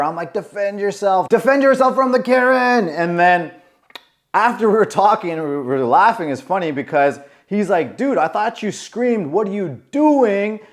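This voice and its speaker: A man in his forties telling a story to camera in a casual, animated way, acting out the voices of the people in it. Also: fairly high pitch. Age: 40s. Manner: animated, acts out quoted voices. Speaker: coach.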